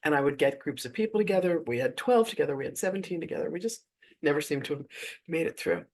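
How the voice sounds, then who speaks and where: A man's voice: fairly high pitch, expressive, fast talker, darkish tone. A man telling a personal spiritual story in a casual, chatty way, full of "like" asides. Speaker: spiritual teacher.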